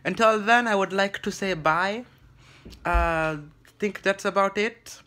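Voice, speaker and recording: Bright, halting vlogger in a put-on broken English. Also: mid-range voice. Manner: halting and rambling, full of stammered restarts. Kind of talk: comedic vlog monologue in character.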